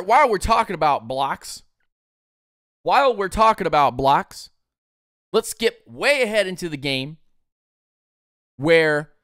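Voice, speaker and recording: Excitable sports guy ranting about plays, pitch jumping all over, dry close mic, keeps cracking up. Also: clean tone, no echo. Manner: excitable, breaks into laughter, acts out players in quotes. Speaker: sports podcast host. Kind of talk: animated sports commentary.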